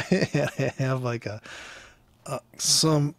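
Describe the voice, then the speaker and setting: A man's voice: medium pitch, takes it slowly, vocal fry, a bit bright, no echo. A man from the United States, a forex trader, ranting in a casual, rambling way over a live chart, swearing freely and laughing often. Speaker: forex trader and trading teacher.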